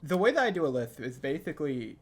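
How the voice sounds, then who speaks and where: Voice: medium pitch, very animated, fast talker, slightly rough. A game playthrough host in casual chat, explaining things with bursts of laughter.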